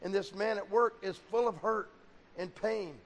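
A man's voice: high-pitched, measured pace, long reverb tail. A man preaching a sermon as a pastor, acting out quoted dialogue as he teaches. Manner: preaching with acted-out quotes of God and people.

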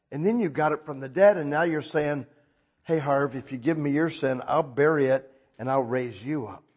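Preacher, male, husky voice; emphatic sermon delivery, folksy and conversational, dropping low then surging loud. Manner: emphatic, swings between soft confession and loud bursts; conversational, checks in with listeners.

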